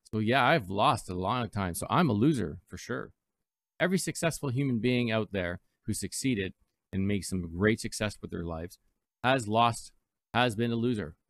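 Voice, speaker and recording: A man's voice: on the low side, animated, normal speed. A man hosting a live radio show from a studio, talking casually and rambling through reflective stories with playful mock voices. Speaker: radio host.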